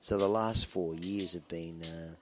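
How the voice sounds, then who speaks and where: A man with a very low voice, chatting through an interview. He tells long rambling stories about his band, full of fillers and restarts. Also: steady tone, unhurried, noisy background. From Australia. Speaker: rock band musician interviewed. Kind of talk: casual interview storytelling.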